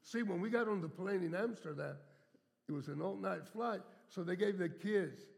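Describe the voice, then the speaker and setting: In his seventies, a guest preacher with a very gravelly, rather high voice tells stories through his sermon, stretching out important words to stress them. He keeps a moderate pace, and long reverb from the church sanctuary surrounds his voice.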